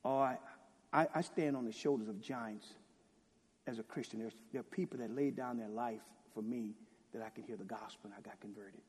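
A man preaching a sermon with great passion, shifting between loud declaiming and hushed, near-whispered lines, and asking rhetorical questions again and again. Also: medium pitch, fairly even intonation, a little fast, slightly rough. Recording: long hall reverb.

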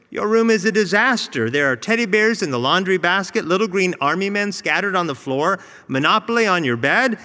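A man preaching a sermon as a pastor, storytelling with animated lines for a mother and child. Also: on the high side. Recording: long hall reverb.

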